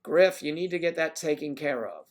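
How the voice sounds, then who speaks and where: A man's voice: fairly high pitch, expressive, moderate pace. A man hosting a livestream, chatting casually with viewers in a rambling, teasing way. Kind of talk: casual chat.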